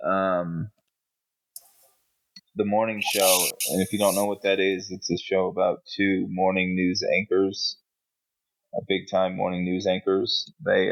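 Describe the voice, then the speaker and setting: Gravelly low-voiced profane podcast co-host. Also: male voice. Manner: blunt, profane and sarcastic. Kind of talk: casual chat. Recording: muffled lo-fi audio.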